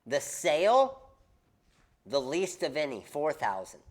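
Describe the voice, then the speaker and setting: A man's voice: a little high, slow. Emphatic man coaching on a livestream. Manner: animated, emphatic, repeats key points. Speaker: host of a craft business livestream.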